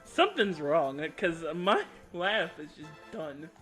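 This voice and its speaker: A man streaming a game live as a VTuber, excitable, yelling and bantering with his chat. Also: fairly high pitch, slow, soft background music.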